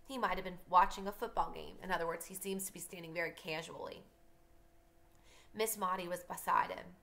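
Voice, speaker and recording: Woman teacher, reading a novel aloud, bright voice, gravelly edge, pauses to explain. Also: fairly low pitch, fairly even intonation. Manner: stops to explain passages to students.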